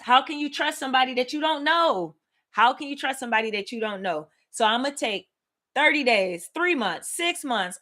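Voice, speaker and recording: A woman hosting a casual live Bible study, lively and laughing as she talks straight to her viewers. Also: fairly high pitch. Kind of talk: casual livestream Bible teaching. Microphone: webcam or desk mic on a live stream.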